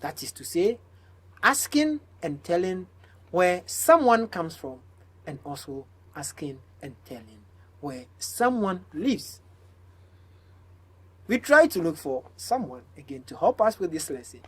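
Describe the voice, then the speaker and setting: A woman's voice: lowish voice, very animated, measured pace. A woman from Ghana hosting a French lesson, explaining in English and French. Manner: clear explanatory delivery, switching between English and French. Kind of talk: presenting a language lesson.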